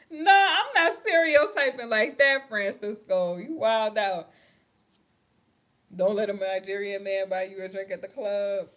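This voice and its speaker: A woman's voice: mid-range voice, animated, takes it slowly, pauses often, a bit bright. A young woman from New York with a New York accent, hosting a casual livestream and chatting with viewers, laughing often and talking in slang. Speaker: livestream host. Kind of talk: casual livestream chat reading comments.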